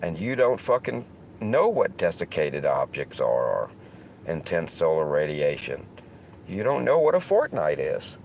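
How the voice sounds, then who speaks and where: A man's voice: sits low, sing-song, a little slow, gravelly, darkish tone, a little hiss or hum, rough recording. A man with a Southern US accent rambling through a casual livestream monologue, cursing heavily as he talks. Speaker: streamer host.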